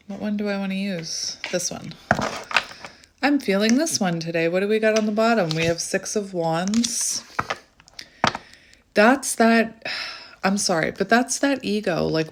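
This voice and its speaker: A woman giving a channelled tarot reading in a chatty way, often breaking into excited exclamations. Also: medium pitch, noisy background. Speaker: tarot reader.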